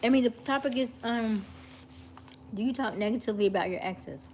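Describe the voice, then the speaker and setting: A woman's voice: on the high side, a little fast, a little mellow, slight background noise. Chatty woman hosting a late-night live stream. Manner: chatty, greets viewers by name, snacks while talking. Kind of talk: casual live-stream chat.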